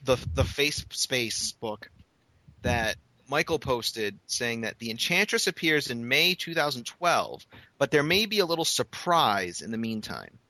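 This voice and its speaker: A man's voice: medium pitch, sing-song, normal speed, sharp tone, dry recording, poor audio. A man co-hosting a podcast in casual chat, teasing and playful. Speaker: podcast co-host.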